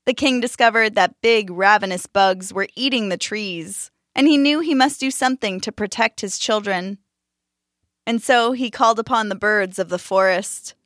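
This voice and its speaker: A woman reads a story aloud in a calm, measured and expressive way. Her voice sits at a middling pitch. The recording is dry and close, with no room echo. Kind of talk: scripted storybook narration.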